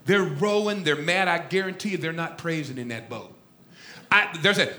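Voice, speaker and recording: Male pastor, high lively voice, very bright tone, dramatic sermon, echoey room. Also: moderate pace. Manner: dramatic storytelling, swings from loud to hushed.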